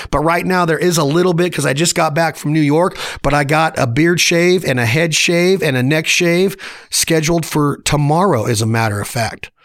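A man's voice: fairly high pitch, fairly bright tone. A man in his forties hosting a podcast, giving a fired-up motivational solo rant in punchy, emphatic short sentences. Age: 40s. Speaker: podcast host.

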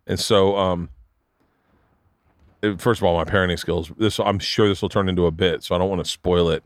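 A middle-aged comedian hosting a podcast tells rambling, profane stories in casual chat, animatedly acting out the people he quotes. His voice is low-pitched and brisk, in a dry, clean studio recording.

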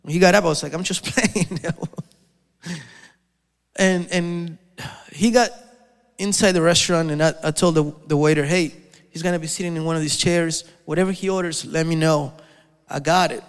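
A man gives a sermon in a large church hall, telling a story in a fairly high voice. He stumbles and restarts often, repeating words as he goes. The long reverb of the hall hangs behind every phrase. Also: fairly even intonation, a little fast, clean tone. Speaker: preacher.

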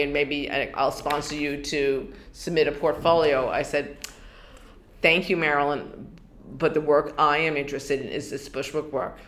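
A woman's voice: low-pitched, slight background noise. An older woman from New York in an oral history interview, telling her story with many restarts and bits of quoted dialogue.

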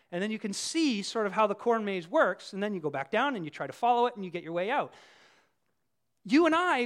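A pastor delivers a sermon in a conversational style, telling vivid everyday illustrations and swinging between hushed and loud delivery. His voice is high.

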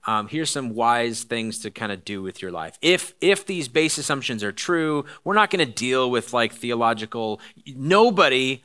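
Bright-voiced man preaching casually. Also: medium pitch, animated, moderate pace. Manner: rambling, many fillers and restarts, jokey asides. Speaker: pastor. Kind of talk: casual conversational sermon.

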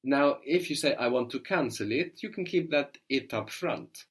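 A man teaching a language lesson, patiently encouraging and modeling words slowly, syllable by syllable. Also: mid-range voice, expressive.

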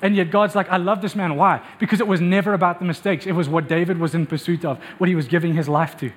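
A young man preaches with a notably high voice, moving quickly through stories and acting out the people in them. He is from South Africa. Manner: animated storytelling with acted quotes. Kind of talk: sermon.

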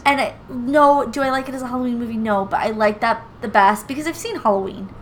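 A woman's voice: on the high side, fast talker, a little hiss or hum, low-quality recording. A woman co-hosting a casual podcast, joking and swearing as she rates a horror movie. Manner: joking, laughing, swearing, fillers. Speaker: podcast co-host. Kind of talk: casual movie review chat.

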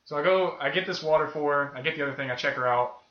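A man's voice: a little high, fast talker. A young man co-hosting a podcast, telling a long rambling story from his old grocery job, casual and profane. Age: young adult. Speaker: podcast co-host. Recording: roomy, dull lo-fi podcast audio.

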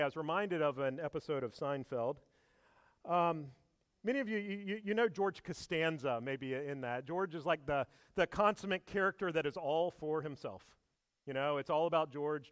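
A man's voice: high voice, a bit bright, dry recording, studio quality. A man preaching a sermon, telling the story with animation and asking his listeners rhetorical questions. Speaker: pastor.

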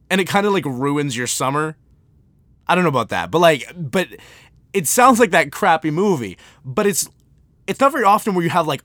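A man's voice: fairly high pitch, lively intonation, fairly quick, a bit bright, no room sound. A young man hosting a solo podcast, talking casually in a rambling, jokey way with lots of fillers. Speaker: podcast host.

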